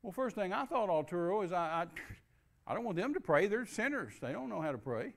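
Older preacher telling a story. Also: male voice, high-pitched, very animated, a little fast, gravelly. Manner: folksy storytelling with restarts and laughs. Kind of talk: sermon storytelling.

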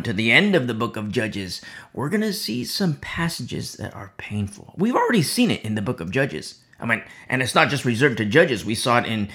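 Male preacher, animated and emphatic, full of rhetorical questions. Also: mid-range voice. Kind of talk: sermon.

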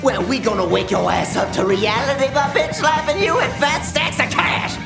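An actor playing a brash, greedy teenage gang boss who trash-talks in swaggering slang and rhyming boasts, in an anime English dub. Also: male voice, extremely high pitch, moderate pace, vocal fry. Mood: mocking. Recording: roomy dub clip over loud music.

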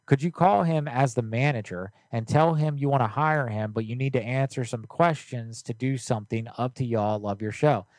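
A young man rambles and jokes loudly while hosting a prank call show. His voice sits in a middle range and sounds close and dry. He talks in a casual, offhand way. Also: mid-range voice, moderate pace, hardly any pauses, dry recording. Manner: loud, joking and rambling. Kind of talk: casual livestream chat.

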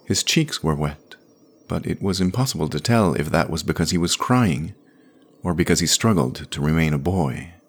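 A man narrating a scripted audio story in a measured, plain manner. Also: a bass voice, lively intonation, slightly rough.

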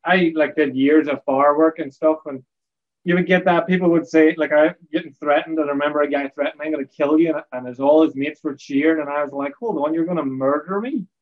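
Podcast host, man, fairly high voice, wry amused storyteller, slightly muffled recording. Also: steady tone, fast. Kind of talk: casual podcast chat.

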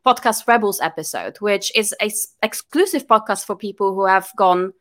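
A woman's voice: medium pitch, normal speed, fairly bright tone. A woman chatting on a podcast as a guest business coach, telling stories animatedly and laughing often. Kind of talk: casual podcast chat.

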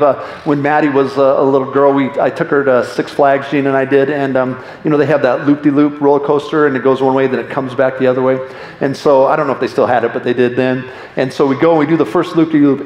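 A middle-aged male pastor giving a conversational, jokey sermon to his congregation. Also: a little high. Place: church hall. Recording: echoey church room.

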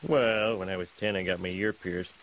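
A man's voice: deep voice, steady tone, moderate pace, a bit bright, low-quality recording. An actor voicing a bumbling middle-aged cartoon father with a goofy delivery. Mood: blustery. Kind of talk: cartoon voice acting.

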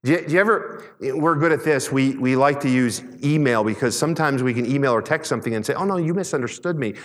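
A man preaching a sermon as pastor, emphatic, slowing on key words and asking the congregation questions. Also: medium pitch. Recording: long reverb in a large hall.

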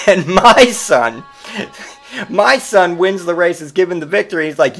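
A man rambles through casual anecdotes about his son, crude and jokey. His voice sits a little high for a man. The talk is loose and full of fillers. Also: normal speed, a bit bright, faint music behind. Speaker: father telling anecdotes. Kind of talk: casual storytelling monologue.

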